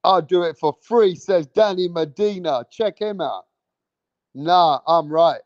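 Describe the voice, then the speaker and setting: High-voiced man goading his stream chat. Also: measured pace, no room sound, highs cut off. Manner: loud, teasing, swears a lot, goads the chat. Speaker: livestream host. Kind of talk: casual livestream chat.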